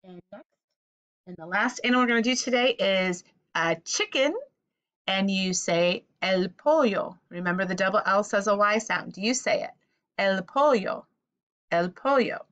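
A woman's voice: mid-range voice, moderate pace, a bit bright, lo-fi sound. A woman teaching a vocabulary lesson for children, patiently repeating each word and inviting the listener to say it back.

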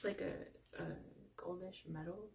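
A woman vlogger chatting casually through an unboxing. She gushes about how cute everything is, apologizes often, and sometimes drops into a soft whisper. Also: fairly low pitch, steady tone, unhurried, vocal fry, slight background noise. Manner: gushing, calls everything cute; self-deprecating, apologizes often.

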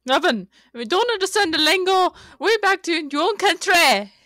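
A woman's voice: very high-pitched, animated, normal speed, dry recording, clean studio sound, full character voice. Woman doing a furious Scottish woman trapped in a lift. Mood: exasperated. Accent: put-on Scottish. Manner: exasperated, building to furious yelling. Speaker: fan dub voice actor. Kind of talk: comedic fan dub acting. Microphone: close, hot mic.

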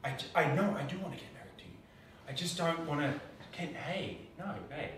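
A man's voice: on the high side, expressive, brisk. A young man in a staged emotional talk at home, speaking anxiously with frequent hesitation and stammering, picked up by a hidden camera some distance away. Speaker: prankster in a prank video. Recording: echoey room from far off, faint noise.

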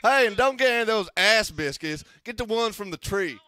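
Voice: mid-range voice, lively intonation, a little fast, noisy background, voice pushed down, close to an everyday voice. A performer doing a whiny grumbling boyfriend. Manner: whining, grumbling. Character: whiny biscuit-obsessed boyfriend, petulant.

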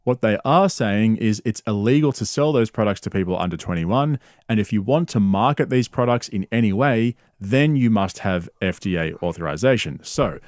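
Man, scripted video narration, measured, explanatory, lowish voice, dry sound. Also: lively intonation, darkish tone, dry recording. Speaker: online commentary narrator.

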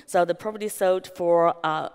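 A woman with a Chinese accent, a real estate business founder telling her story at a conference with lively anecdotes, acted quotes and many "you know" fillers. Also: fairly low pitch, normal speed, clear, resonant tone. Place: large conference hall. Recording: long reverb of a large hall.

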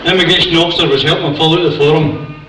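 A man's voice: fairly high pitch, steady tone, racing, sharp tone, a little hiss or hum. An older Scottish man doing stand-up comedy, a chatty, self-mocking storyteller on a theatre stage. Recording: echoey theatre from far off.

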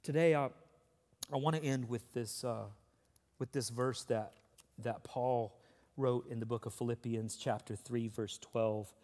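A middle-aged man preaching a sermon as pastor, swinging between loud emphasis and hushed, quiet passages. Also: medium pitch, fairly even intonation, unhurried. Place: large church hall. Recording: long hall reverb.

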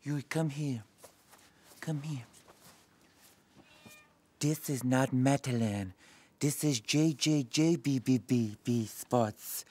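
An actor playing a naive, childlike male pop star in a comedy sketch, talking in a soft, simple-minded, whiny way. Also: mid-range voice, takes it slowly, long pauses. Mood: sulky.

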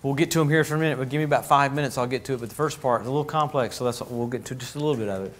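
A man preaching a lively, joking sermon as pastor of a church, acting out little voices as he goes. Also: mid-range voice, racing, a little hiss or hum. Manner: animated, jokey, acts out voices.

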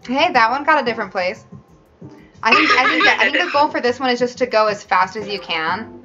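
A woman's voice: on the high side, animated, fairly quick, highs cut off, over loud music. A woman hosting a casual gaming chat, sounding sleepy and yawning often as she plays. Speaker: host playing a video game.

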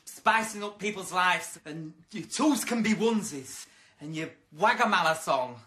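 A man's voice: sits high, animated, moderate pace, bright, forceful tone, husky, exaggerated voice. An actor playing a brash, boastful and crude young man in a comedy sketch, full of cheeky insults. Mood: chatty. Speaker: comic character.

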